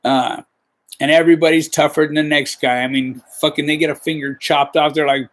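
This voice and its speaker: A man's voice: a little high, moderate pace, vocal fry, fairly bright tone. A man hosting a podcast, telling a rambling, profane work story in casual talk. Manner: profane, rambling, peppers with "you know". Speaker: podcast host.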